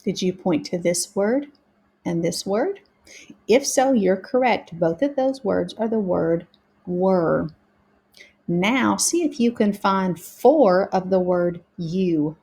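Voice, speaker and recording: A woman teaching a reading lesson to young learners, sounding out words slowly and carefully. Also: mid-range voice, animated, mellow, breathy edge.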